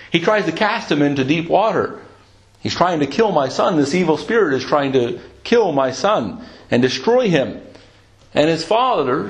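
Conversational preacher man with a raised voice. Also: fairly high pitch. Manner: conversational, repeats words when restarting, clears throat often. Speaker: pastor. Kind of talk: sermon.

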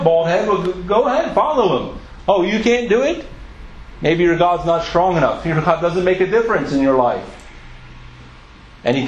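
A man's voice: fairly high pitch, reverberant, low-quality recording. A man preaching a sermon in an earnest, emphatic way, asking his listeners questions and sometimes stumbling over and repeating words.

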